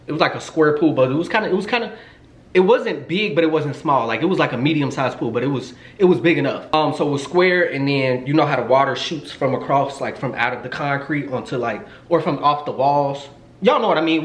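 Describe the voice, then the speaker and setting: A man in his twenties telling a story in a casual vlog, chatty and animated, swearing freely and joking around. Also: medium pitch. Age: 20s. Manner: chatty and animated, swears a lot, jokes and teases. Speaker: vlogger. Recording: roomy echo, faint noise.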